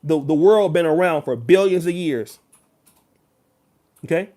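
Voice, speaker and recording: A man's voice: a little high, expressive, measured pace, mellow. A man giving emphatic direct-to-camera commentary as a YouTuber, lecturing the viewer. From United States.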